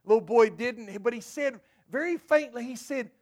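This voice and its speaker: A man's voice: extremely high pitch, moderate pace, darkish tone. A man preaching a sermon to his congregation, emphatic and storytelling. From United States. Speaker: pastor.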